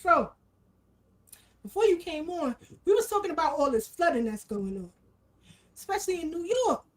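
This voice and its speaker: Female livestream host, high voice, casual and repetitive with street slang. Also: lively intonation, normal speed. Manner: repeats greetings in threes, street slang. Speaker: livestream talk show host. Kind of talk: casual livestream chat, shouting out viewers.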